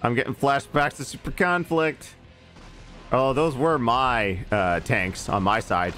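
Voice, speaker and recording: Man, game streamer, casual let's-play chat, rambling and profane, mid-pitched voice. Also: unhurried, a bit bright, soft background music. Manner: rambling, profane movie digressions with swooping pitch.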